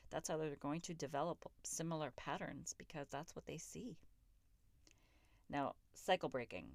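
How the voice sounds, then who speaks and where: A woman's voice: low voice, gravelly, dry recording. A woman in her thirties hosting a solo podcast, talking in a raw, profane, emphatic and self-reflective way. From raised in a Pakistani immigrant family. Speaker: podcast host. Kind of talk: candid solo podcast monologue.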